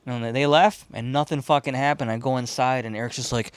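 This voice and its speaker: A man's voice: mid-range voice, fairly quick, hardly any pauses, clean tone, no room sound. A man from Chicago hosting a podcast, telling a long, profane, rambling story in casual chat and acting out the people in it. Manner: profane, rambling, animated retelling with quoted voices. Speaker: podcast host.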